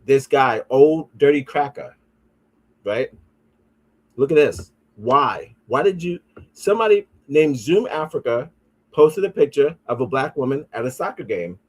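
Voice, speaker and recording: A man's voice: mid-range voice, big pitch swings, measured pace. Male podcast host, mid-range voice, casual comedic riffing, swears freely, reads comments aloud.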